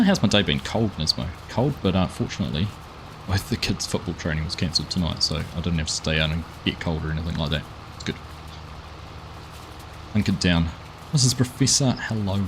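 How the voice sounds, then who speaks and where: Deep-voiced man streaming live. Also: slight background noise, rough recording. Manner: chatty, greets viewers by name; upbeat, friendly greetings. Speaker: game streamer host. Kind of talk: live gameplay commentary.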